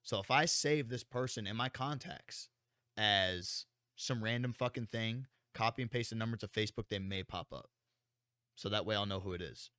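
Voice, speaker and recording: A young man co-hosts a podcast, his voice on the low side at a normal speed, with a clean tone and no room sound. He tells a story in casual chat, animated, swearing a lot and acting out what people said.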